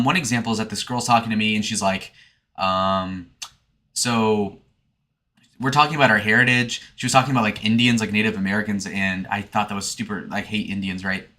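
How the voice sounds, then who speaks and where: A man's voice: on the low side, sharp tone. A man in his twenties from Michigan, streaming a casual, rambling monologue in a provocative, sarcastic manner. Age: 20s.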